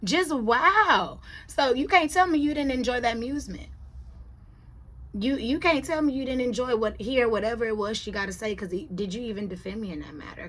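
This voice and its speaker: A young adult woman chatting casually on her vlog, telling a story with big swings from low, quiet asides to loud, high exclamations. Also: husky. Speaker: vlogger. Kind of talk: casual chat.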